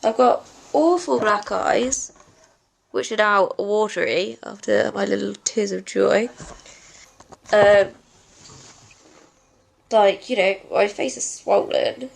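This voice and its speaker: Slow, gravelly young British woman. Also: mid-range voice. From Britain. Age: young adult. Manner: chatty, candid, with frequent fillers. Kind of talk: self-filmed video diary. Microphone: handheld camera.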